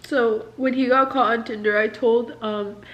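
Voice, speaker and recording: A young woman in a candid confessional vlog, distressed, rambling and swearing often, with lots of "like". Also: fairly high pitch. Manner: rambling, profane, filler-heavy "like". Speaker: military spouse.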